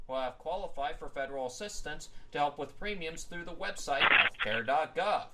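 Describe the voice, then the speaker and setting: A man's voice: on the high side, lively intonation, normal speed, very noisy. A man co-hosting a news show, reading items and slipping in jokes and filler words. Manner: jokey, inserts puns and filler "uh"s. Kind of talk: casual news commentary.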